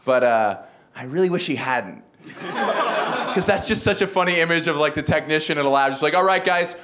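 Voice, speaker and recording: A male stand-up comic from the South with no regional accent, talking a little high for a man in a dry, self-mocking way. He is recorded at a live show, with clear audience laughter rolling behind him. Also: animated, brisk, heavy background noise. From American South. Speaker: stand-up comedian. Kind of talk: stand-up set. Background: crowd laughter.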